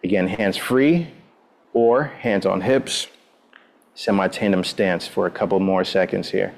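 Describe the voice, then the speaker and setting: A man's voice: low-pitched, unhurried, gravelly. Guy leading a workout class, upbeat and encouraging, counts down moves, says all right a lot. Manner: frequent "all right" between instructions. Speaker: exercise instructor.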